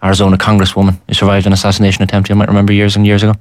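A man rattles through an anecdote at a quick clip, chatty and self-deprecating in casual banter. His voice is fairly low, and the room sound around it is dry. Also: monotone, no echo. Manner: rapid anecdotal storytelling. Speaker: quiz contestant.

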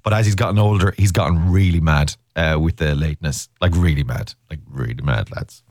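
A man's voice: extremely low pitch, a little fast, darkish tone, no echo, studio quality. A man in his thirties hosting a radio show, chatting casually with a co-host in a rambling, teasing way. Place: radio studio. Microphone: studio microphone.

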